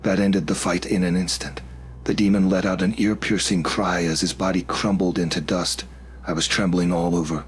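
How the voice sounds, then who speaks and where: A man narrating a first-person horror story in a steady, measured way. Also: low voice, slightly rough. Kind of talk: scripted narration.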